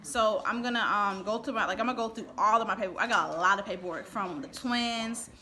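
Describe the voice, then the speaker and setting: A woman's voice: medium pitch, quick pace, pushed and bright. A woman venting on a live stream at home, rambling and upset, with children's voices around her. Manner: rambling, irritated and emotional, with restarts. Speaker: vlogger. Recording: kids chattering in the background.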